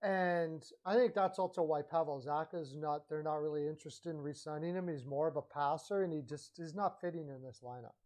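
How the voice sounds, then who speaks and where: A man talks hockey on his own in a casual, rambling monologue, voice sitting a little higher than most men's. He is blunt and opinionated and often stops to correct himself mid-sentence. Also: fairly quick, few pauses, a little mellow. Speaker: hockey commentary vlogger.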